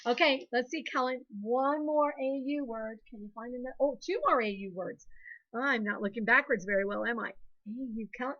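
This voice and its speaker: In a muffled recording, a woman with an Ohio accent talks a little fast in a voice on the high side. She's from Ohio and runs a second grade phonics lesson where pupils call back to her, keeping a patient, encouraging, sing-song tone.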